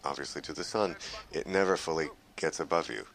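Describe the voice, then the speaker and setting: A man, the film's lead actor, giving commentary in a slow, considered manner. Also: a bass voice, creaky, fairly bright tone. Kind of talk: film commentary.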